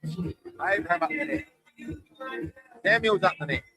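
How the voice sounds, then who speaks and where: A middle-aged shearing commentator calls live, chatty sports commentary, his high voice unhurried and weary after a long day as he reads out running tallies. The audio is poor, with clear music playing behind him.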